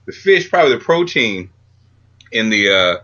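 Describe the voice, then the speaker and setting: A man's voice: mid-range voice, sing-song, moderate pace, sharp tone, muffled recording. A middle-aged man co-hosting a casual chat, joking around and laughing easily. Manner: joking, playful, laughs readily. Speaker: podcast co-host.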